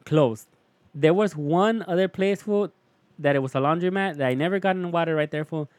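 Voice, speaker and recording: A young man tells a story in loose, profane slang, dropping "fool" into nearly every line. His voice sits a little high for a man. The sound is dry and close, with little room around it. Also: moderate pace, dry recording. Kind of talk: casual storytelling chat.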